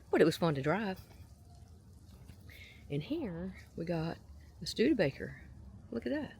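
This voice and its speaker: A woman, chatting casually as she films her visit to a farm, often breaking into a high, gushing voice at the animals. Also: darkish tone, slight background noise. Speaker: vlogger. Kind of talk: casual outdoor vlog narration. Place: outdoor farm attraction. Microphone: handheld camera mic.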